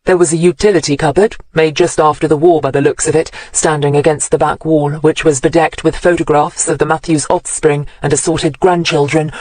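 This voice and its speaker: An audiobook narrator reading a mystery novel in a measured, even storytelling manner. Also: medium pitch, no echo, rough recording. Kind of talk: scripted narration.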